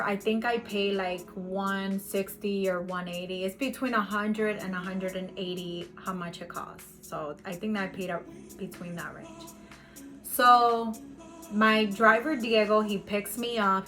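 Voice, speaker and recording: A woman's voice: mid-range voice, pushed and bright. A woman in her thirties telling a personal story in a casual, chatty vlog, animatedly acting out quoted dialogue. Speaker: vlogger.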